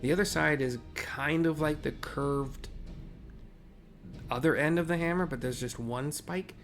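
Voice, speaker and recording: A man's voice: on the high side, measured pace, soft background music. A man casually narrating and describing a game scene, rambling and often correcting himself.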